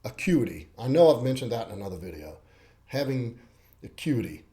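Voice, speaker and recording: Blunt man coaching, mellow voice. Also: mid-range voice, sing-song, fairly quick. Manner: blunt, coaching, repeats words for emphasis. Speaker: host. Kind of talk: self-help talk to camera.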